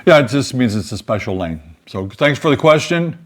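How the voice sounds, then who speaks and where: Older man, dry teasing humor, casual chat, mid-pitched voice. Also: lively intonation, moderate pace. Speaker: co-host.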